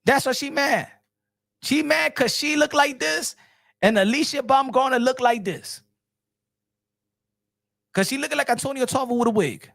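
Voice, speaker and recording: A man hosting casual boxing reaction commentary, animated and repetitive, slangy, often laughing and calling his viewers folks. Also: very high-pitched, normal speed, vocal fry, pauses often.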